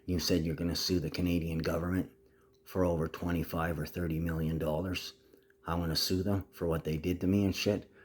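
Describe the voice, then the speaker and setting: A man with a very low voice rambles through a video message to his family. He sounds agitated and swears freely as he hops from topic to topic. Now and then he slides into a put-on Aussie twang. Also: little pitch movement, a little fast. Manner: profane, agitated, jumps between topics; slips in and out of a mock Aussie twang.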